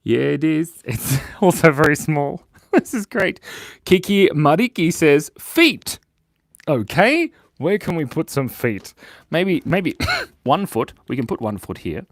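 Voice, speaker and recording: Lively cheerful man chatting on a live stream. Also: on the high side, measured pace, creaky, dry recording, clean studio sound. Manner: cheerful, chatty, thanks viewers constantly. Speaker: host of a live drawing stream. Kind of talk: live-stream chat while drawing. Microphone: clip-on lapel mic.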